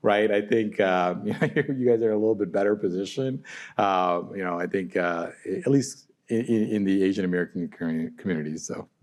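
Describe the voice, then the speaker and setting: A man's voice: sits low, a little fast, a little mellow. A man in his forties, speaking as an alumni panelist in a chatty storytelling way and laughing at his own anecdotes. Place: law school event room.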